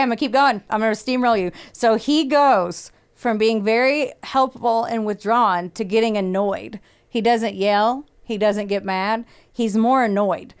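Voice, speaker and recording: A woman's voice: a little high, clean tone. A woman hosting a podcast, telling a true-crime story in a casual, swearing, chatty way and acting out what people said. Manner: swears freely, acts out quotes, laughs often. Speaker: podcast host.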